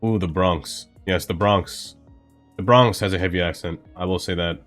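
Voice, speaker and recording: Deep-voiced man chatting over gameplay. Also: fairly even intonation, normal speed, fairly bright tone, soft background music. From Brooklyn, New York. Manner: rambling, thinks aloud with many fillers. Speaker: game streamer. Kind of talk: casual gameplay commentary chatting with viewers.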